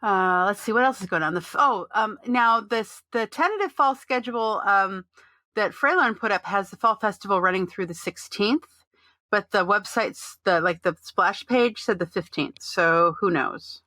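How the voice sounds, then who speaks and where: A woman's voice: medium pitch, animated, moderate pace, bright, forceful tone, dry recording. A woman co-hosting a casual gaming podcast, rambling with lots of fillers and restarts and reading out listener messages. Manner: reads out listener chat messages. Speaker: podcast co-host. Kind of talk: casual chat about an online game.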